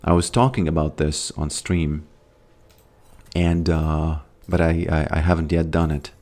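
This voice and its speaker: A man's voice: very deep voice, steady tone, unhurried, a little mellow. A man with an American accent casually commenting on his gameplay as a streamer, reading chat questions aloud and rambling with loose, trailing thoughts.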